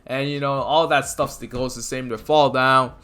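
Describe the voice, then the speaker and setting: A man's voice: medium pitch, fairly even intonation, moderate pace, bright, forceful tone, clean tone. A man casually narrating a fan story, rambling with many fillers. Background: faint lofi music.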